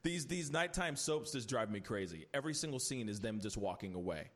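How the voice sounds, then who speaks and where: This podcast host has a mid-range voice and a fairly quick pace as he rants about TV shows in an animated, casual chat, throwing in mocking impressions of the people he quotes.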